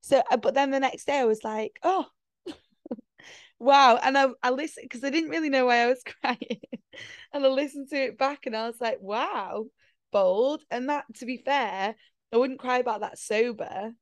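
A young woman rambles through a casual podcast chat, full of fillers and quick laughs. The sound is close and dry, with no room around it. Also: high voice, no echo. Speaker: podcast co-host.

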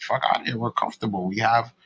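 A man's voice: on the low side, steady tone, very fast, a crowd in the background, rough recording. A young man co-hosting a casual couple's podcast, laid-back and blunt, swearing freely. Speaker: podcast co-host.

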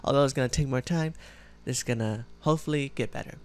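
A man's voice: medium pitch, fast talker, darkish tone. A young man chatting casually in a vlog, rambling with lots of fillers, his speech slightly muffled by retainers. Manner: rambling, filler-heavy, self-correcting. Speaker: vlogger.

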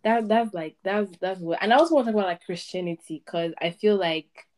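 A woman's voice: medium pitch, a little fast, darkish tone. A young woman hosting a casual podcast chat, talking freely with many fillers. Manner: chatty, lots of "like" fillers. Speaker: podcast host.

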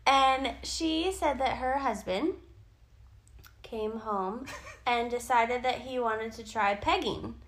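A woman's voice: a little high, takes it slowly, a bit bright. A woman co-hosting a podcast, chatting candidly, swearing freely and laughing often. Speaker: podcast co-host, photographer. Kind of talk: casual chat.

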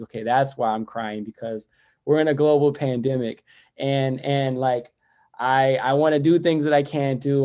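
A male poet and educator, appearing as a guest on a podcast interview, speaks reflectively at a medium pitch. He uses lots of "like" fillers, and his voice turns soft and quiet when he gets introspective.

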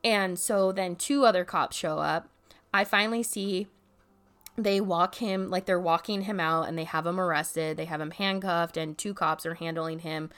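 A woman's voice: fairly low pitch, fairly even intonation, moderate pace, fairly bright tone. A woman casually telling a story from her apartment, chatty, dropping "like" constantly and swearing now and then. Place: home apartment.

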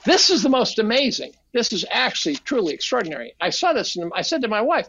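A man's voice: high-pitched, quick pace, gravelly, a little hiss or hum, rough recording. An older man, a podcast guest, telling casual stories, swearing freely and acting out quotes. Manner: animated, profane, acts out quotes. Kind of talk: casual storytelling.

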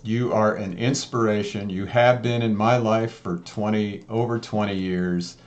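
A man's voice: on the low side, fairly even intonation, measured pace, lo-fi sound. A man hosting a casual chat, speaking sincerely and gratefully. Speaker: host.

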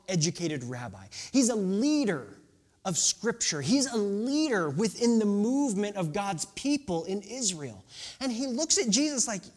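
A man's voice: high voice, a little mellow. A man in his thirties preaching a sermon in a conversational way, with asides and rhetorical questions. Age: 30s. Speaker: pastor.

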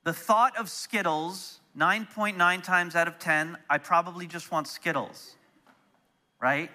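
A middle-aged man preaching, telling a personal story in an animated way that turns soft and quiet when he is moved. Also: high voice, slow. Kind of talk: storytelling sermon.

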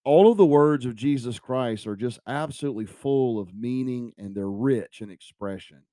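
A man's voice: mid-range voice, moderate pace, mellow, no echo. A man preaching an earnest devotional sermon on a podcast, repeating phrases for emphasis.

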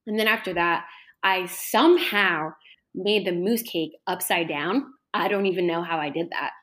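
A woman's voice: fairly low pitch, moderate pace, fairly bright tone. A young woman talking casually in an interview, chatty, with lots of fillers. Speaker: interview guest, culinary school graduate.

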